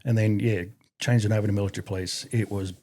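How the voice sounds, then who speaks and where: A man's voice: fairly low pitch, fairly even intonation, quick pace, mellow, slight background noise. A man with an Australian accent, a podcast guest and army veteran, telling stories casually and swearing freely. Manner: swears freely, acts out others with a raised voice. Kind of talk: casual storytelling.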